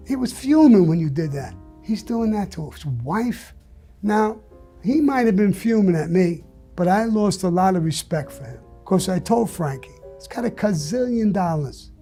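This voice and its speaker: A man's voice: sits high, lively intonation, moderate pace, warm tone, husky, faint music behind. An older man telling stories as an interview guest, blunt and profane, acting out what people said. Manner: blunt and profane, acts out quotes. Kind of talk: storytelling in conversation.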